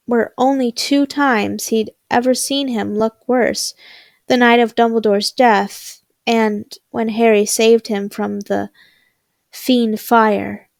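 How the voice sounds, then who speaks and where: Young woman, story reading, slow, halting restarts, dry recording. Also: fairly high pitch, creaky, no room sound. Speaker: fanfiction reader.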